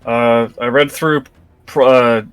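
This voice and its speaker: A man's voice: medium pitch, steady tone, slow pace, a bit bright, smooth, no echo, soft background music. A man playing in a tabletop game, talking in a rambling, hesitant way with lots of restarts. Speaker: player. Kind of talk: casual tabletop game chat.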